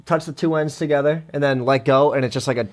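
A man's voice: medium pitch, fairly even intonation, fast talker. A young man co-hosting a casual chat, emphatic as he explains a school prank step by step.

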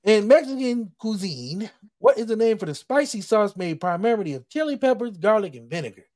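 Male podcast quiz host, high and very lively, joking and laughing. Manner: joking, laughs often, reads clues slowly. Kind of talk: casual podcast quiz hosting.

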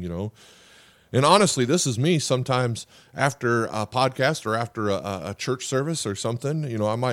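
A man's voice: fairly low pitch, brisk, no room sound. A middle-aged man, a pastor and podcast host, giving a sermon in an earnest, conversational way, with frequent "uh" fillers and restarts.

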